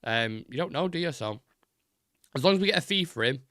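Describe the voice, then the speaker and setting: A man's voice: mid-range voice, animated, fairly quick, pushed and bright, no echo, studio quality. A young man hosting a live fan show, chatting loosely with fillers and restarts, his voice fraying a little. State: voice keeps going. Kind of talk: casual live-stream chat.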